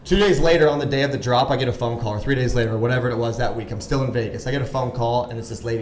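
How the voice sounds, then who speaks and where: A man in his thirties telling a story on a podcast as a guest, animated and full of "like", acting out the voices of people he quotes. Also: mid-range voice, rapid-fire, hardly any pauses, reverberant, background noise. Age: 30s. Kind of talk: casual storytelling chat.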